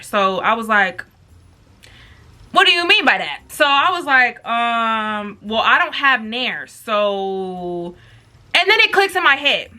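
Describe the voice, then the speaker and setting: A young woman vlogger telling a storytime tale in a casual, profane, slangy way, acting out what people said. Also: high voice. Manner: animated, profane, slangy storytelling with acted quotes. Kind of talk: storytime with mukbang.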